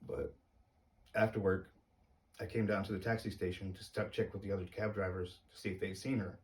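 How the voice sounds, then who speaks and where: A man telling a personal story to camera in a casual, hesitant way, uneasy and halting. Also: sits low, level tone, recorded from a distance, slight background noise.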